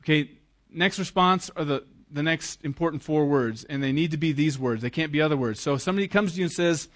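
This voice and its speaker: A man's voice: on the high side, brisk, fairly bright tone. A middle-aged man, a pastor, preaching a sermon emphatically and acting out the voices he quotes.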